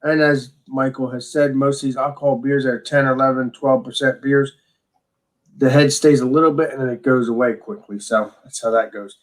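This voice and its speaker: A man's voice: medium pitch, fairly even intonation, moderate pace. A man co-hosting a casual beer tasting chat, talking with enthusiasm and rambling restarts. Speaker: beer reviewer co-host.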